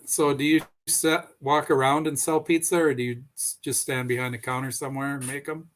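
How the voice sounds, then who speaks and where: A man's voice: medium pitch, level tone, a little fast. A man chatting in a friendly way and telling anecdotes, with an occasional chuckle. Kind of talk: casual chat, storytelling.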